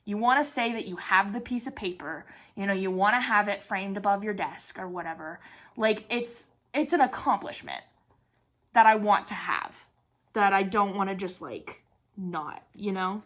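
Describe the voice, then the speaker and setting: She speaks at a normal speed in a mid-range, fairly bright voice. In her twenties and excited, she chats on her crafting vlog with plenty of laughs, emphatic delivery and occasional cursing.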